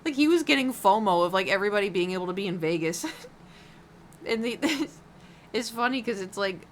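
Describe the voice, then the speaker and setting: A woman's voice: mid-range voice, lively intonation, normal speed, slight background noise. A woman streamer chatting casually while painting, rambling with lots of fillers and giggles.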